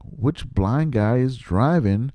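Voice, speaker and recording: A man's voice: mid-range voice, animated, slow pace, mellow, dry recording, voice pushed up. A man voicing a cocky blind male heckler who jokes in a smug stand-up manner. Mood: smug, joking.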